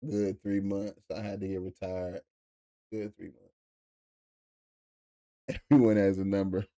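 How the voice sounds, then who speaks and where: Young man, streamer, low mellow voice, dry close mic, profane laughing banter. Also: level tone, normal speed, no room sound. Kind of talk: casual live-stream chat. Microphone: desk mic.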